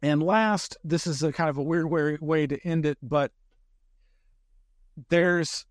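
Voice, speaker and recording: A man's voice: a little high, steady tone, slow, no room sound, studio quality. A man hosting a live weekly news roundup, talking in a chatty, rambling way that wanders off and corrects itself as he goes. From Texas. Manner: chatty, rambling, self-interrupting. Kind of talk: casual live-stream news commentary.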